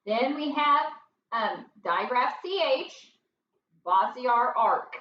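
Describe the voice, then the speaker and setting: Slow high-voiced woman teaching phonics. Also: lively intonation, a bit bright, slight background noise. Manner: patient step-by-step explaining. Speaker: first grade teacher. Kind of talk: phonics lesson. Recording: roomy, distant, dull home recording.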